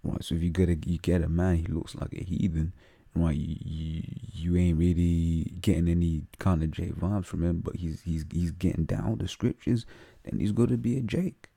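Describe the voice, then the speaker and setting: A man's voice: deep voice, steady tone, normal speed, vocal fry, mellow, slightly rough, dry recording. A man with a London accent reading Bible verses aloud and explaining them in casual, slang-heavy talk full of fillers. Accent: London English. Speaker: religious teacher.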